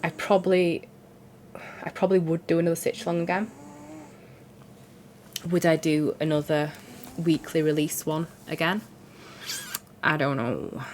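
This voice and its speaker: A woman talks casually into the camera, nasal and congested from a cold. Her chat wanders and pokes gentle fun at herself. A faint noise sits under her voice. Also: sits low, fairly even intonation, a little slow, pauses often. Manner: chatty, rambling, self-deprecating. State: congested with a cold, sore throat. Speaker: cross-stitch vlogger.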